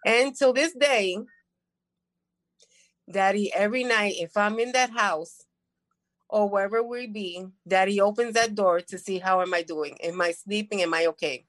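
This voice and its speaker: A woman's voice: medium pitch, moderate pace, fairly bright tone, no room sound, low-quality recording. A woman in her fifties, from New York, giving a heartfelt, tender tribute to her father on a family video call. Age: 50s.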